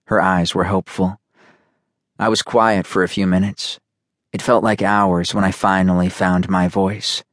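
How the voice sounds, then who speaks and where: A man narrating a first-person audiobook in a measured, dramatic manner, recorded close on a studio mic. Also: deep voice, level tone, dry recording.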